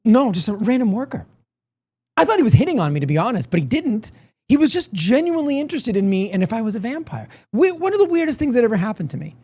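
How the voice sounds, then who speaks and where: A man's voice: extremely high pitch, sing-song, fast, warm tone, dry recording. A man, a show guest, chatting casually and telling a long anecdote with many restarts. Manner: rambling, laughs often, self-correcting. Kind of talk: casual chat, storytelling.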